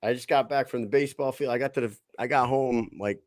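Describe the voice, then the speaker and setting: A man's voice: mid-range voice, quick pace, no room sound, clean studio sound. A man in his thirties hosting a podcast in loose, profane casual chat, leading into sponsor reads. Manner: loose, profane, laughs easily. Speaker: podcast host.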